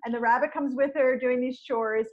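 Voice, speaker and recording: Higher-voiced woman, dull lo-fi sound. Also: steady tone, moderate pace. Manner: chatty and reflective, many fillers and restarts. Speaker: podcast co-host discussing a book. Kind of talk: casual chat.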